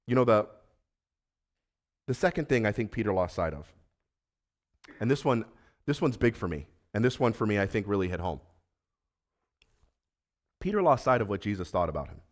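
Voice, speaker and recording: Earnest male pastor preaching. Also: on the low side. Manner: earnest, conversational preaching with rising emphatic repetitions. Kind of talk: sermon. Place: church sanctuary.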